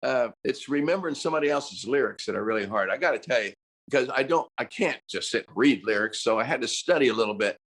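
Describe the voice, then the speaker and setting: An American man in his seventies, a musician talking casually in an interview, animated and breaking into bursts of singing and screaming. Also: medium pitch, quick pace. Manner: animated storyteller, bursts into sung screams and imitated voices. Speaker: musician guest.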